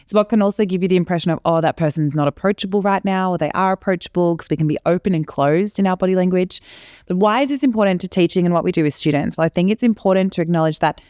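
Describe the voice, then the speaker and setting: A woman's voice: on the low side, fast talker, mellow, no echo, studio quality. A woman teacher co-hosting a podcast, chatty and sharing personal stories. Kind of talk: casual educational chat.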